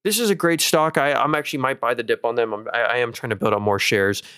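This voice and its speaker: A young man hosts a casual live stream about stocks, walking through earnings figures with upbeat energy and plenty of fillers. His voice is smooth and clear at a middling pitch. The mic is close and the sound is dry, with no room echo. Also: fast, bright, forceful tone. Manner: upbeat, talks through numbers with fillers and restarts. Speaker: stock market livestream host.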